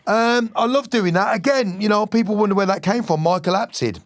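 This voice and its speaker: A man's voice: high voice, brisk, no room sound, studio quality. Sweary middle-aged man. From West Midlands, England. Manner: swearing, rambling, passionate. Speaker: musician guest. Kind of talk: casual interview chat.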